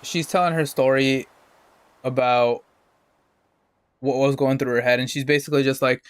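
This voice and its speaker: A man's voice: mid-range voice, steady tone, normal speed, clean tone. Laid-back streamer man, swearing freely. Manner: profane, rambling, laid-back. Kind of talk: casual storytelling while gaming.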